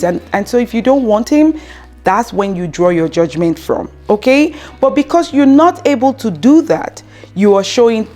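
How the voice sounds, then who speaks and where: A woman's voice: mid-range voice, a little mellow. A woman in her thirties giving casual relationship advice, chatty and full of fillers, acting out bits of dialogue. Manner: chatty, acts out quoted dialogue, frequent fillers and laughs. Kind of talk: casual advice monologue to camera.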